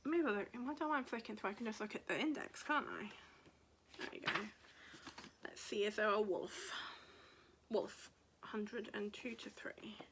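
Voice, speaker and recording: Bright-voiced chatty woman. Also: mid-range voice, expressive, moderate pace, a little hiss or hum. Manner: rambling, thinking aloud while leafing through a book. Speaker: craft podcast host. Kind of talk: casual chat.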